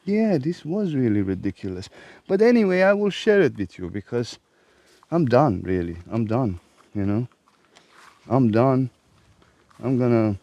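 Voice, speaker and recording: A man's voice: fairly low pitch, warm tone, no echo. A man who hosts a self-help vlog, delivering a profane, exasperated ranting monologue. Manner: profane, emphatic, exasperated rant.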